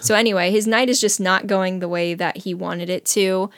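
A woman chatting casually as she retells a story, full of fillers and quick asides in the characters' voices. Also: mid-range voice, fairly even intonation, no room sound, studio quality. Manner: chatty, many fillers, acts out characters' thoughts. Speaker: book discussion co-host.

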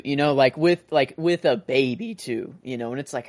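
A man's voice: mid-range voice, normal speed, a little mellow, dry recording, clean studio sound. A man co-hosting a podcast, talking casually and ramblingly about a film, full of fillers and restarts. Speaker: podcast co-host.

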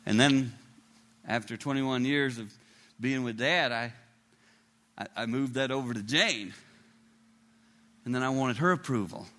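A man in his sixties preaching a sermon to a congregation, emotional, dropping to hushed whispers and rising to high cries. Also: measured pace, pauses often, long reverb tail. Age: 60s. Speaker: traveling preacher. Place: large hall with a live congregation.

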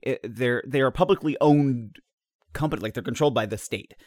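A man's voice: mid-range voice, fairly quick, a little mellow, no room sound, clean studio sound. Easygoing man chatting on a couch. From United States. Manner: agreeable, thinking aloud with small stumbles. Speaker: podcast co-host. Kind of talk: casual chat. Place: home, sitting on a couch.

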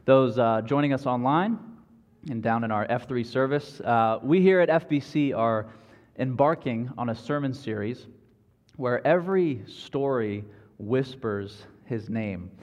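A man's voice: medium pitch, measured pace, darkish tone. Man welcoming a church congregation. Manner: casual, with fillers and restarts. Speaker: pastor. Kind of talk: church welcome and sermon opening. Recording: reverberant church room, muffled sound.

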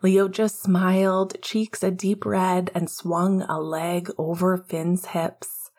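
A woman narrating an audiobook in a hushed, intimate way, often half-whispering. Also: on the low side, level tone, slow pace.

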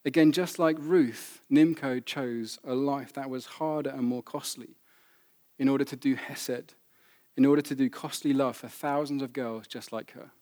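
A man's voice: mid-range voice, fairly even intonation, moderate pace, mellow. A man in his thirties preaching a sermon, telling a family story in an earnest, intimate way. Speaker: pastor.

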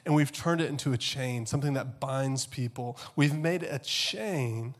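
A man preaching a sermon that opens with a comic personal story. He is an animated storyteller who keeps checking in with "okay?" and often repeats words as he goes. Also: medium pitch, unhurried. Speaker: pastor.

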